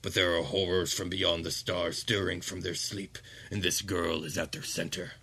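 A man voicing a towering ancient demon archduke who speaks slowly and commandingly. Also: deep voice, little pitch movement, pushed and bright, husky, heavily acted. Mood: imperious. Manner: slow, commanding, contemptuous.

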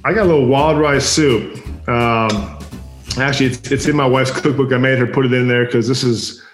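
A man's voice: medium pitch, moderate pace, reverberant, faint music behind. A man from Minnesota, a former football player, talking casually and hesitantly as an interview guest. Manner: relaxed, hesitant with fillers.

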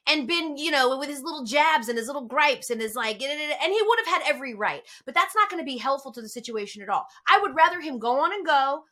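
A woman's voice: sits high, animated, quick pace, few pauses, bright, forceful tone. A woman co-hosting a casual podcast chat, telling stories animatedly and acting out the people she quotes. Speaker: podcast co-host.

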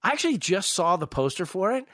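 A man, an actor guest, telling animated anecdotes in casual podcast conversation. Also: sits high, quick pace, dry recording, clean studio sound. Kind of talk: casual storytelling.

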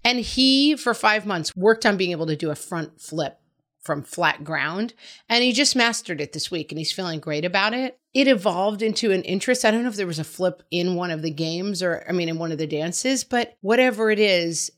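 A middle-aged woman with a fairly low voice talks through a listener's parenting question on her advice show. She sounds casual and reassuring, and she slips into quick asides that act out a worried parent. Her tone stays conversational throughout. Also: lively intonation, fairly bright tone. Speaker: advice podcast host.

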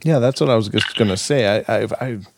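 A man's voice: fairly low pitch, fairly quick, vocal fry, background noise. A man hosting a podcast interview, agreeable and thinking aloud as he speaks. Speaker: podcast host. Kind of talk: interview conversation.

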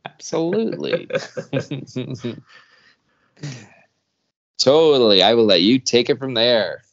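A man co-hosting a casual chat, retelling a comic story and quick to agree with his co-host. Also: mid-range voice, expressive, vocal fry, highs cut off.

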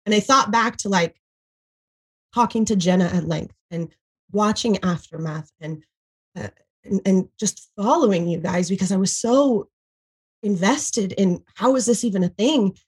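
On a podcast with poor audio, a woman in her thirties who used to sell for an MLM speaks a little slowly in a mid-range, breathy-edged voice. Her emotional story is animated, full of fillers and acted-out quotes.

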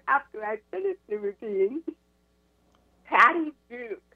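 American woman in her sixties, animated storyteller, laughs often, tinny dry phone line. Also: mid-range voice, no room sound. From United States. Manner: animated, laughs between sentences. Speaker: guest, actress and comedian. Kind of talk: storytelling in a radio interview. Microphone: telephone.

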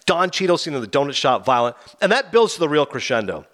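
Male podcast host, raised pitch, lively delivery, brisk pace, does quick voices for scenes. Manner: animated, acts out film scenes in quick put-on voices. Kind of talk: casual movie discussion.

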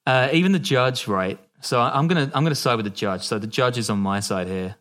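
A man's voice: mid-range voice, brisk, fairly bright tone. A man hosting a podcast, telling a true-crime story in a casual, joking way and laughing often.

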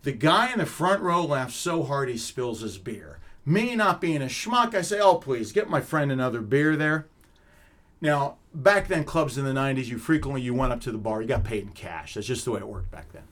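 A middle-aged man, a comedic magician, telling animated stories in an interview and laughing often. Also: medium pitch, brisk, hardly any pauses. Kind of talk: casual storytelling in an interview.

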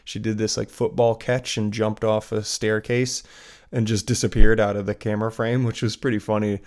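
A man talks his way through a solo podcast episode, drifting from thought to thought with plenty of ums and restarts. His voice sits low and has a gravelly, fried edge. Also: little pitch movement, moderate pace, darkish tone. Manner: rambling, self-interrupting, with many fillers. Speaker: podcast host.

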